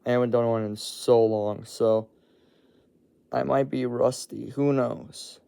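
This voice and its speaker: A man's voice: mid-range voice, fairly even intonation, takes it slowly, gravelly, mellow, clean tone. A young man casually opening his video as host, rambling and tripping over his words.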